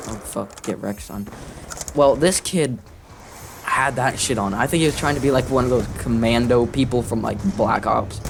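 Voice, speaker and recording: A man's voice: mid-range voice, background noise. A man telling a rambling, profane story while playing a video game, often laughing and cursing. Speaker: gaming commentator.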